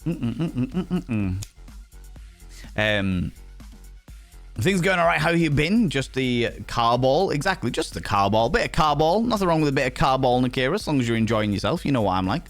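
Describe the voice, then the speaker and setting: A man's voice: mid-range voice, very animated, brisk, fairly bright tone, no echo, soft background music. Playful man streaming. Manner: playful, theatrical, laughs often. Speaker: game streamer. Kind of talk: casual live-stream chat.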